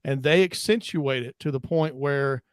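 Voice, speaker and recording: A ministry discussion panelist on a casual online panel talks animatedly, acting out quotes and groping for names. His medium-pitched voice moves at a normal speed with a clean tone, in a dry, studio-quality recording.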